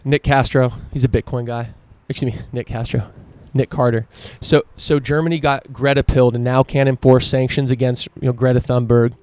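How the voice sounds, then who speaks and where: A man's voice: medium pitch, flat delivery, brisk, few pauses, a little mellow, smooth, no echo. A man hosting a solo opinion podcast, ranting emphatically and swearing freely. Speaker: podcast host.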